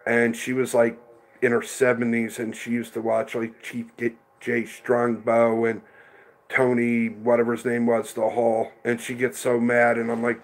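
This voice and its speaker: A man's voice: medium pitch, monotone, unhurried. A middle-aged man hosting a casual livestream, chatting rambly and answering viewers by name. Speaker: livestream host reading chat.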